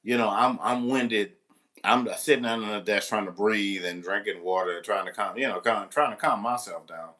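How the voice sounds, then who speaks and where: A man with a low but bright, forceful voice tells a story straight to the camera. He works as a substitute teacher and talks casually, rambling and restarting, with plenty of swearing thrown in. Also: normal speed.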